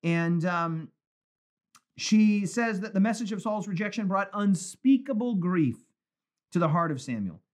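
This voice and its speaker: Male pastor, bible study teaching, high voice, very lively pitch, emphatic and chatty. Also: unhurried. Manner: animated, conversational, emphatic repetition. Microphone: phone or webcam for a live stream.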